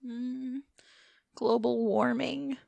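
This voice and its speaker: Giggly young woman with a gravelly voice. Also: a little high, steady tone, very slow, mellow, no room sound. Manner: giggly, laughs often while telling stories. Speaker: podcast co-host. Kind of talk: casual chat.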